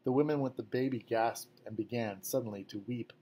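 A man reading a novel aloud at a measured, fairly quiet pace. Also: mid-range voice. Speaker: audiobook narrator. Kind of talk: scripted narration.

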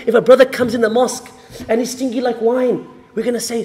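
A high-pitched man delivers a mosque sermon, stacking rhetorical questions and repeating key lines. His voice carries a long reverberant tail from the mosque hall. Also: level tone, fast talker, mellow. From Australia. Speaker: sheikh giving a mosque lecture.

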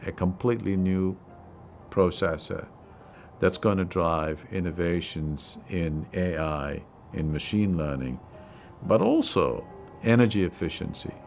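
Very deep-voiced man with emphatic delivery. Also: measured pace, gravelly, a little mellow, a little hiss or hum. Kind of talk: documentary interview statement.

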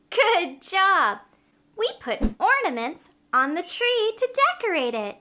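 A woman in her thirties hosting a children's educational video, with an animated, slow and clear sing-song delivery for toddlers. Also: very high-pitched. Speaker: preschool teacher host.

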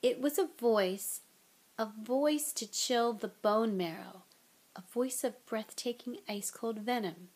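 A woman reading a novel aloud in an expressive way, with relaxed, chatty asides to her listeners. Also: on the high side, slow pace. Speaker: audiobook reader.

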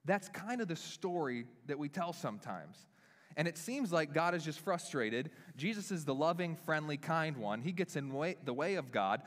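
A young adult male pastor stages a live demonstration with volunteers during his sermon in a church hall, speaking at normal speed. He's animated and casually self-deprecating, with lively pitch swings, and the hall's long reverb trails his words.

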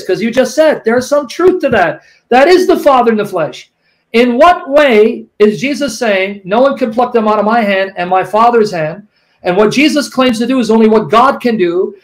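A man arguing in a live debate, combative and rapid-fire, quoting passages from memory and pressing his opponent. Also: high-pitched, poor audio. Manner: quotes scripture from memory.

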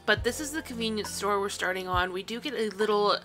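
A woman's voice: mid-range voice, fast, sharp tone, soft background music. A woman talking through a long, rambling voiceover in a chatty way, with many ums, who keeps yawning and apologising. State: yawning, tired. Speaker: video creator. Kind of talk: casual voiceover narration.

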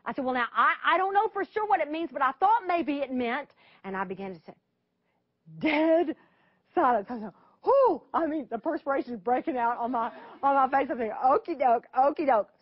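A woman's voice: sits high, expressive, fast, no echo, dull audio. A middle-aged woman, telling an emotional story dramatically to an audience and speaking straight to them.

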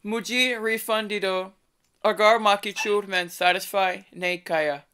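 A woman's voice: medium pitch, fairly even intonation, a little slow, a bit bright, clean tone. A woman making a mocking prank call. She stutters and taunts the person she is talking to. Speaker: prank caller. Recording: noisy background hiss.

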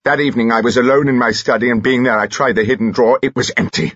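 A man voicing an agitated, volatile older aristocrat who shouts in an audiobook. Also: mid-range voice, steady tone, fast, breathy edge, no echo, lo-fi sound, voice pushed up. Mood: shaken.

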